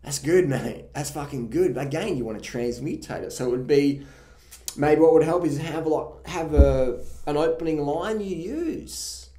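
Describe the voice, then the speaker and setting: A man giving casual, blunt and profane advice, telling animated stories about his own past. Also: fairly high pitch, moderate pace. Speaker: vlogger. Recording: roomy echo.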